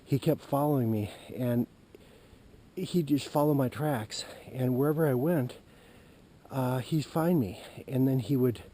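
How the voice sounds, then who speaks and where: A man telling a hunting story as he walks a forest trail at dusk, recorded on a handheld camera, halting and folksy with lots of fillers. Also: medium pitch, warm tone, rough recording. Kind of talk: rambling walk-and-talk vlog. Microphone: handheld camera while walking.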